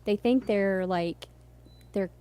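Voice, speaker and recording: A woman's voice: medium pitch, slow pace, a crowd in the background. Podcast co-host, female, chatty storyteller, laughs easily. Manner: chatty, laughs often, loses her thread. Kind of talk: casual chat, telling a crime story.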